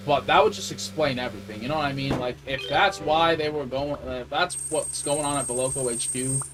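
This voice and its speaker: A man's voice: mid-range voice, fairly quick, background noise. A man livestreaming gameplay who rants in a casual, profane, heavily swearing way. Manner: profane, ranting, heavy swearing. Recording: game stream with music playing behind. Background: clear background music.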